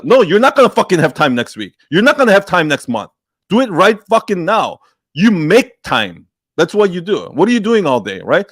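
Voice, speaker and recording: A man with a fairly high voice speaks straight into a close, dry mic. He hosts a live Q&A and lectures bluntly, swearing freely, and he mimics people's excuses in whiny little voices. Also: big pitch swings, a little fast, no echo. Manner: blunt, profane, heated, mocks excuses in put-on whiny quotes. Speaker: host of a live Q&A. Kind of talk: unscripted livestream pep talk.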